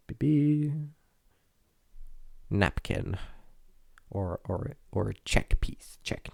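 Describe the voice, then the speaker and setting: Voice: mid-range voice, gravelly, dry recording. A host rambling through contest predictions in a playful way, correcting themselves and making jokey asides, close to the microphone. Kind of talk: casual rambling commentary. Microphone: close desk microphone.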